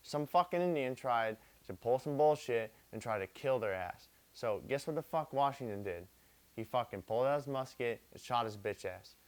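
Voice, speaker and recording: A man's voice: mid-range voice, lively intonation, normal speed. A young man retelling history drunk, rambling and repeating himself, swearing constantly and using street slang. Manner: profane, repetitive, street slang. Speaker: drunk storyteller.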